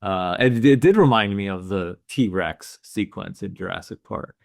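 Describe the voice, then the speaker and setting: A man co-hosting a movie podcast, chatting in a relaxed way and acting out his own reactions. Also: sits low, normal speed, creaky, no echo, clean studio sound. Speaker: podcast co-host. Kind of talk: casual movie podcast chat.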